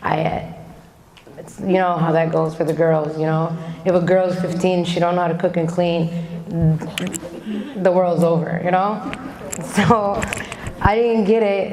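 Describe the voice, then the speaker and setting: A woman's voice: fairly low pitch, level tone, moderate pace, background noise. Candid woman in her thirties, echoey hall. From Somalia. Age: 30s. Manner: candid, chatty, acts out quoted family voices. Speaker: motivational speaker. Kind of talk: motivational talk to youth.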